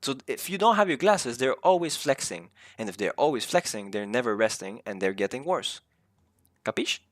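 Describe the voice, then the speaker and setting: A man's voice: medium pitch, lively intonation, fairly quick, dry recording. A man streaming a video game, chatting loosely with his viewers and swearing freely as he rambles. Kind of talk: casual live-stream chat while gaming.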